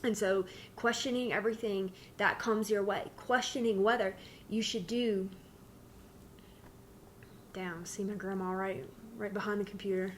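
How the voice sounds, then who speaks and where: A woman's voice: medium pitch, fairly even intonation, measured pace, a little hiss or hum. Candid rambling woman channeler. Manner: candid, rambling, self-interrupting. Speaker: spiritual channeler. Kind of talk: casual spiritual talk.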